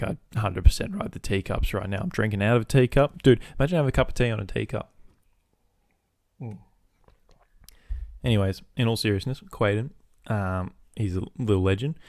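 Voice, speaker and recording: A man's voice: lowish voice, animated, normal speed, a little mellow, dry recording, studio quality. A young Australian man hosting a solo podcast, rambling casually and swearing freely. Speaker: podcast host.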